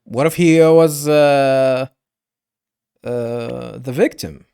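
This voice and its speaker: A man giving casual, rambling commentary over a game, halting and laughing as he reads along. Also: mid-range voice, vocal fry, dark tone, clear, resonant tone, dry recording. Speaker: let's play host.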